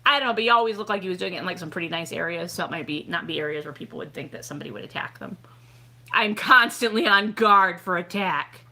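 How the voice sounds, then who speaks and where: A tipsy woman hosting a tarot livestream, rambling and self-deprecating, with bursts of excitement. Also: on the low side, fast. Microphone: home webcam livestream.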